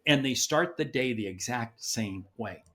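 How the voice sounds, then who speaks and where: An older sales expert, a man, gives a podcast interview in an animated, emphatic manner, doubling up words to stress them. He talks at a medium pitch and a little slowly.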